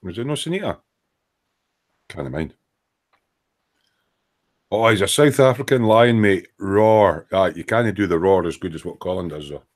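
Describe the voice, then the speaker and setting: A Scottish man with a deep voice hosts a casual live stream from his indoor model-making bench, bantering, swearing, and cracking dry jokes while he sands. He talks at normal speed, expressively, with long pauses.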